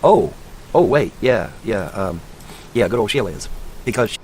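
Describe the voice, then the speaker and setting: A man's voice: on the low side, animated, moderate pace, slight background noise. A man delivering an angry, profane rant, mocking and lecturing like a sarcastic teacher. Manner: profane, mocking, shouting insults at a named woman. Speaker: online commentator.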